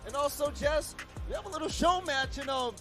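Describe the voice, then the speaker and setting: A man with a strikingly high voice calls the esports action with hyped, upbeat enthusiasm. Music plays clearly under his broadcast desk commentary. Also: a little fast. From United States. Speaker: esports event host.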